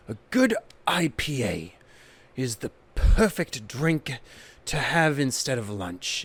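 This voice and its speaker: A man's voice: a little high, creaky, a bit bright, heavily acted. A man voicing a snobby male European hipster with a languid, pretentious manner.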